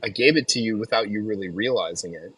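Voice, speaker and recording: A relaxed middle-aged man talks in a husky voice, calling his friend dude and swearing without thinking about it. The sound is dry and close. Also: lowish voice, fast talker, no echo, poor audio. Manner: laid-back, swears casually, calls people dude. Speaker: podcast co-host. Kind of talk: casual chat.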